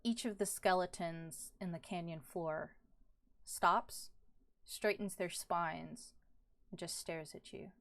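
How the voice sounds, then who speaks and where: A woman's voice: lowish voice, fairly even intonation, slow, fairly bright tone. Giggly woman narrating as game master. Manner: playful, giggly, with sound effects. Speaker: dungeon master.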